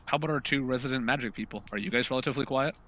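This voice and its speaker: A man with a bright, forward voice plays a tabletop game. He talks a lot in casual chat, hesitating and thinking aloud as he goes. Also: medium pitch, rapid-fire, a little hiss or hum. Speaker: player.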